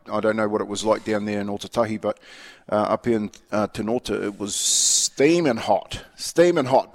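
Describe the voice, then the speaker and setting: A man's voice: mid-range voice, long reverb tail. A man with a New Zealand accent co-hosting a radio show, chatting casually and rambling about sport with lots of restarts. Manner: laid-back, matey, rambling with many restarts. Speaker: radio co-host.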